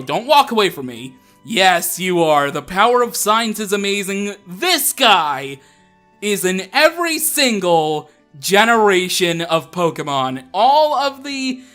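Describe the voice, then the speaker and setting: A man's voice: high voice, pushed and bright. A young man hosting a Let's Play, chatting casually and laughing as he plays. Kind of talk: casual gameplay commentary.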